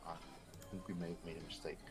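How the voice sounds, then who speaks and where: A man voicing a cautious adventurer who talks hesitantly and quietly. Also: low-pitched, level tone, fast talker, music in the background, natural voice. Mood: uneasy.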